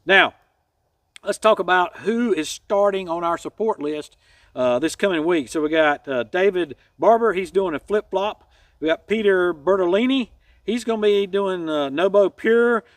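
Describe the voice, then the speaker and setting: A folksy man with a high voice hosts a casual trail update, rambling and joking at his own expense. The sound is dry and set back from a distant mic. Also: moderate pace, dry recording. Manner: folksy, rambling, self-deprecating jokes. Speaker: hiking channel host.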